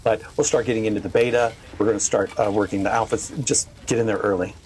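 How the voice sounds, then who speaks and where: A man's voice: on the low side, fairly even intonation, quick pace, a little mellow, a little hiss or hum. A middle-aged man streaming a game, chatting in a rambling way with many fillers and restarts. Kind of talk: casual live-stream chat.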